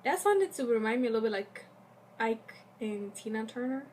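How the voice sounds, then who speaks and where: Animated young woman telling a story. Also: a little high, moderate pace, a little hiss or hum. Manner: animated, acts out quotes. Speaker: vlogger. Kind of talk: casual storytime.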